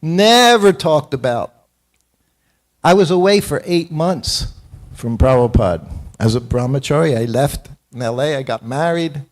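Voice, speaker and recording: Speaking a little slowly in a slightly high, expressive voice, a man in his seventies gives a morning temple class in the hall. He leans on personal anecdotes that poke fun at himself, chuckling frequently along the way.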